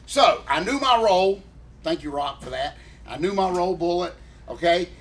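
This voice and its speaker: A man telling a long, emotional story on a podcast, warmly and earnestly addressing his co-host. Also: sits high, expressive, normal speed. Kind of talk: rambling casual storytelling.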